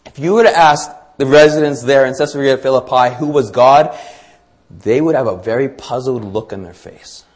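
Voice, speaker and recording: A man's voice: mid-range voice, a little mellow. A man preaching a sermon to his congregation, talking in a conversational way with fillers and small restarts. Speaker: pastor.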